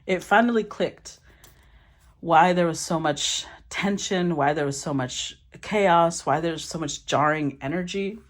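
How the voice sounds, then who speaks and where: A woman giving a casual tarot reading, talking in an animated, blunt way and swearing casually. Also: fairly low pitch, a little slow. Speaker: tarot reader.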